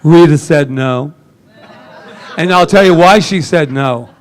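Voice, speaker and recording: A man preaching a lively sermon in a church service, joking and laughing often with the congregation. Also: fairly high pitch, slow. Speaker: minister.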